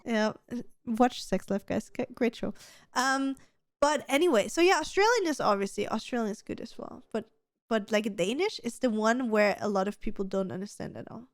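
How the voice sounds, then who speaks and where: A woman's voice: a little high, animated, normal speed, no echo, studio quality. Gushing, giggly woman in her thirties. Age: 30s. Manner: gushing, giggly and freely swearing. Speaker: podcast co-host. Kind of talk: casual chat.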